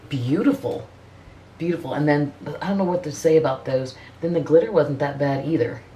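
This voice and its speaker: A woman's voice: low voice, fairly quick, mellow, a little hiss or hum. A middle-aged woman chatting casually as a beauty vlogger, blunt and profane, rambling with frequent restarts. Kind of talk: casual makeup review chat.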